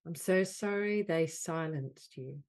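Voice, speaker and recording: A woman leading a guided healing session as a soul mentor on a group call. She speaks in slow, soothing, repeated phrases. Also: deep voice, darkish tone. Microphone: video call.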